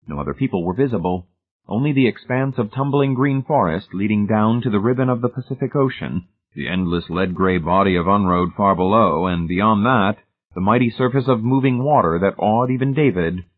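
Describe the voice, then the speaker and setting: Man, audiobook narration, measured reading, lowish voice, tinny phone-like sound.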